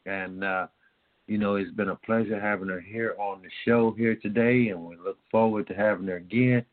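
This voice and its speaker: Lowish male radio host on phone line. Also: fairly even intonation, normal speed. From Indiana. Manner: rambling, heavy on fillers. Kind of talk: casual talk-radio chat. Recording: tinny phone-line sound.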